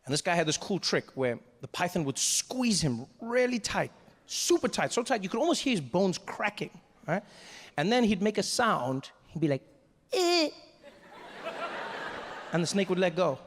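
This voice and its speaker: A man telling a stand-up comedy story, lively and animated, acting out the other people in it with big jumps in pitch. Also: moderate pace, long reverb tail.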